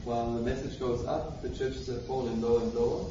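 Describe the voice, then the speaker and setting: A man's voice: medium pitch, fairly even intonation, a little fast. A man teaching a Bible study, reading passages aloud and explaining them with questions to his listeners. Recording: dull lo-fi recording, faint noise.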